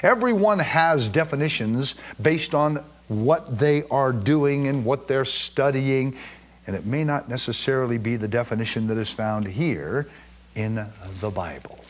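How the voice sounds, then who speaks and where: A Bible teacher with a slightly husky male voice teaches scripture before a live audience, animated, his pitch moving freely up and down as he stresses key words. He reads the verses slowly and weightily, then drifts into chatty asides and questions for the listeners.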